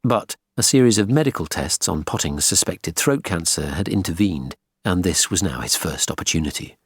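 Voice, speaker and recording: A man reads a crime audiobook with an expressive, story-telling lilt. His voice is low and husky, moving lively up and down in pitch. The recording is close and dry. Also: moderate pace, dry recording. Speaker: audiobook narrator. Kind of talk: scripted narration.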